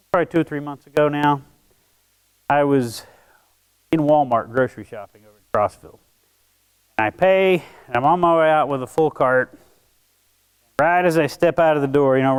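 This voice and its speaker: A pastor delivers his sermon as a relaxed personal story, his voice smooth and resonant. He is a man who often restarts his sentences and pokes fun at himself. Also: medium pitch, rough recording. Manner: conversational, self-deprecating, with frequent restarts.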